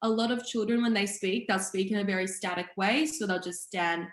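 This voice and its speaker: A young woman teaching public speaking online, explaining each skill in a clear, steady way. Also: medium pitch, a little fast. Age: young adult. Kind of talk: online seminar presentation. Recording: echoey room.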